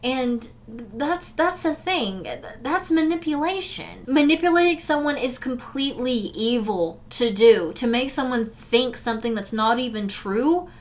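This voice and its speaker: Her high voice is animated but measured as this young adult vlogger speaks directly to her audience about something personal. She moves between emphatic urging and gentle, subdued reminiscence, earnest and emotional throughout, over slight background noise.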